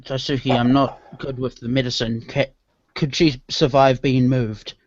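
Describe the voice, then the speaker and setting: A man's voice: medium pitch, flat delivery, measured pace, a little mellow, no room sound, muffled recording. A man playing a tabletop game in character, stammering and restarting. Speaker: player.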